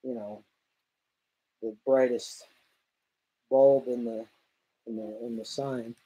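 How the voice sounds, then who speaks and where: A man's voice: medium pitch, fairly even intonation, slow pace, warm tone, breathy edge, lo-fi sound. A man on a casual podcast telling a long, profanity-laced anecdote in a rambling way. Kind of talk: casual storytelling chat.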